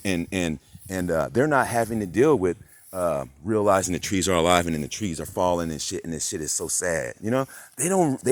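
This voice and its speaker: A man vlogging a rambling, profane rant that swings between muttering and loud outbursts. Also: sits low, dry recording. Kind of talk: rambling monologue.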